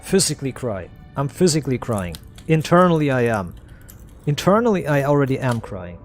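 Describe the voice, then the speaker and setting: A man's voice: mid-range voice, big pitch swings, brisk, soft background music. A man streaming a game, ranting in exasperation, swearing a lot and stammering as he repeats himself. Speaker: gameplay streamer. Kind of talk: live gameplay commentary.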